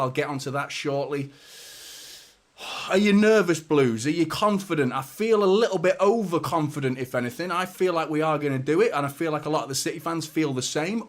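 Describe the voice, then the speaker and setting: Man, fan stream host, excitable and rambling, swears casually, fairly high voice. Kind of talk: casual live-stream chat.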